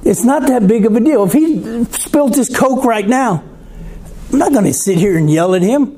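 High-voiced preacher, mellow. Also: male voice, lively intonation, moderate pace, breathy edge. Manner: conversational preaching, asks the congregation questions. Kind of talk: sermon.

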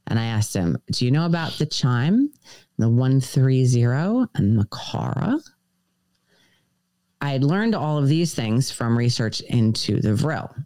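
Woman telling a story, lively pitch. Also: dry recording. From United States. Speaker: podcast guest. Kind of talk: storytelling on a podcast.

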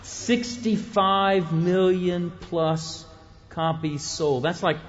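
A man's voice: high-pitched, steady tone, drawn-out words, dull audio, faint music behind. A middle-aged male pastor preaching a sermon in a conversational, humorous way, often breaking off and restarting his sentences. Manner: conversational and humorous, with frequent self-interruptions.

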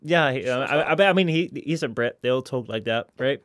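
A man co-hosting a casual podcast chat in a relaxed, rambling way. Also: mid-range voice, a little fast, no room sound, studio quality. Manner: relaxed, lots of fillers and restarts. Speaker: podcast co-host.

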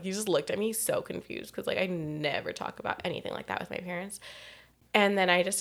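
A young woman from California chats on her podcast, her voice settling into a gravelly, fried texture. She tells a personal story candidly, swearing freely and laughing between sentences, at a medium pitch. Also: brisk. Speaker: podcast co-host. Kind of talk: casual storytelling chat.

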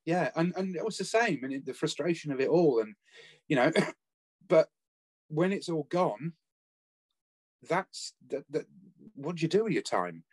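A man, talking earnestly and haltingly about caring for his late spouse in a conversational interview. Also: a little high, expressive, slightly rough, no room sound. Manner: earnest, reflective, halting with restarts. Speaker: bereaved former family carer, guest.

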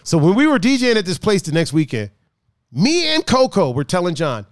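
Animated man telling a wild story. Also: high voice, fairly quick, no echo, studio quality. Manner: animated, laughs a lot, swears, acts out friends' lines. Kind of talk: casual storytelling chat.

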